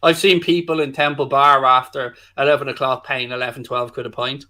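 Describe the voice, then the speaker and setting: A man's voice: mid-range voice, flat delivery, bright, forceful tone. An Irish man in his thirties co-hosting a casual football podcast, telling stories with swearing and banter. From Ireland. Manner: fast, swearing, storytelling banter. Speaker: podcast co-host.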